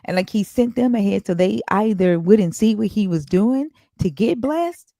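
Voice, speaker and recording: A woman's voice: medium pitch, animated, moderate pace, gravelly, dark tone, dry recording. A woman co-hosting a casual Bible chat who asks pointed questions and reasons them out aloud. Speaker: podcast co-host discussing the Bible.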